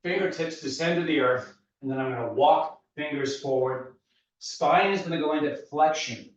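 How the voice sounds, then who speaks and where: A man's voice: on the high side, moderate pace. Out-of-breath man coaching a workout, echoey room. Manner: calm, steady coaching cues. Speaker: fitness instructor. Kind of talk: guided workout instruction. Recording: echoey room, voice from far off, dull sound.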